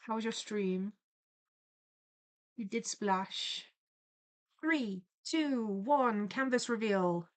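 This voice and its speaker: Drawing during a casual live stream, this young woman speaks at a medium pitch, drawing out her words and pausing often. She's playful and giggly as she greets her viewers by name.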